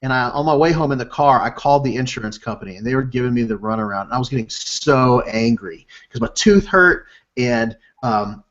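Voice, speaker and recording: A man co-hosting a podcast, telling a story about his own week in an animated, self-deprecating way. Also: mid-range voice, brisk, dull audio. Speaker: podcast co-host, father. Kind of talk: casual storytelling chat.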